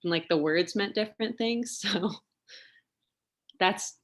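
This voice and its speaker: A young woman telling stories in a casual interview, chatty and quick to laugh, with plenty of fillers. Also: medium pitch. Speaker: interview guest, singer and lawyer.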